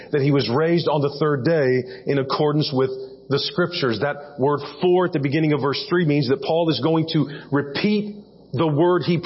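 A man's voice: fairly high pitch, slightly rough, highs cut off. A man preaching a sermon as pastor, earnest and repeating phrases for emphasis, recorded in a church. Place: church sanctuary.

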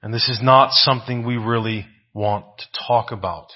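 A man's voice: medium pitch, fairly even intonation, normal speed, lo-fi sound. A man preaching a sermon, asking rhetorical questions, often adding "right?" and repeating phrases for emphasis.

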